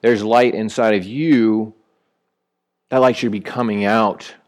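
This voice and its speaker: A man's voice: on the low side, steady tone, slow. A man preaching a sermon in an easygoing, conversational way, with frequent fillers and restarts. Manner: rises sharply when acting out calling someone back. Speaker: pastor.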